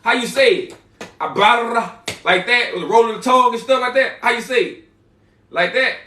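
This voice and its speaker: A man's voice: sits high, moderate pace, bright, forceful tone, echoey room, distant mic, slight background noise. A man chatting casually on a livestream, reading out viewer names and repeating himself in loose slang.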